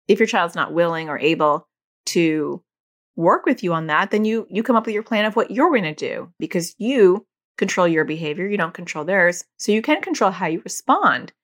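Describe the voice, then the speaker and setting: A middle-aged woman, a mother and parent educator, explaining casually and acting out quoted lines in a higher voice. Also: lively intonation, moderate pace. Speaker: parent educator teaching about OCD.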